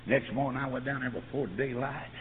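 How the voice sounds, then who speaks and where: An older man preaching a revival sermon in a church, mixing folksy stories with loud bursts of praise. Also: medium pitch, steady tone, a little fast. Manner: swings from folksy storytelling to shouted praise. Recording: phone-like sound in a reverberant church with faint noise.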